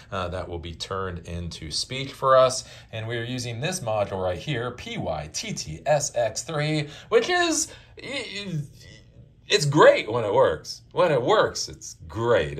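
A man's voice: on the low side, a bit bright. A man hosting a casual tech demo, explaining things loosely with frequent fillers and restarts. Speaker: host.

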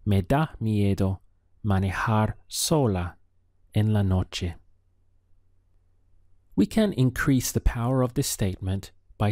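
Slow, careful male language teacher. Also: on the low side, darkish tone, no room sound, studio quality. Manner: slow, careful enunciation of phrases. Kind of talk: scripted language lesson.

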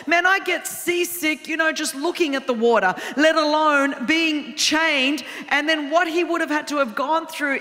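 A woman preaching a sermon in an animated, self-deprecating storytelling way. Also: sits high. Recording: long hall reverb.

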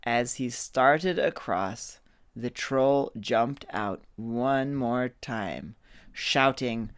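A man reading a children's fairy tale aloud, slow and deliberate. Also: medium pitch, lively intonation, fairly bright tone, clean tone, no echo, studio quality. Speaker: storyteller.

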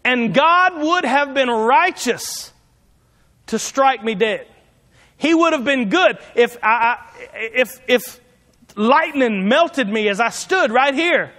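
A man's voice: very high-pitched, expressive, slow, bright, forceful tone, in a large hall. A man preaching a sermon in a folksy, emphatic way, driving his points home by repeating them. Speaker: pastor.

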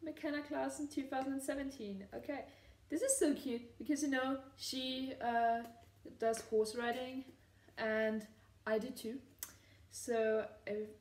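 A woman's voice: a little high, darkish tone, slight background noise. Giggly young woman in an echoey room. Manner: gushing, giggly, lots of fillers. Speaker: vlogger. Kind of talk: casual unboxing vlog. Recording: echoey room, mic at a distance.

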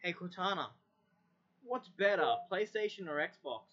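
In a dull lo-fi recording made away from the mic, a user tries out a voice assistant, casually repeating commands and cursing under their breath. The voice is mid-range, animated, a little slow, fairly bright, and slightly rough.

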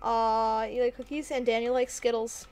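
A woman's voice: fairly high pitch, level tone, normal speed, a little mellow. A woman streaming a game, chatting casually in a bubbly, giggly way while reading chat aloud.

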